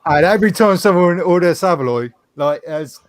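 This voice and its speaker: A man's voice: high-pitched, expressive, normal speed, noisy background. A man chatting on a group call, telling stories from past jobs. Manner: chatty storyteller. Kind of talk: casual chat.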